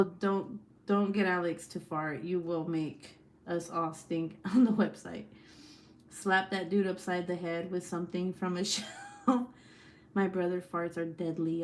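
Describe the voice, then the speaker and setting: Laughing, foul-mouthed woman livestreamer. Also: on the low side. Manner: swears freely, laughs often, animated and chatty. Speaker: livestream host. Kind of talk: casual chat and storytelling.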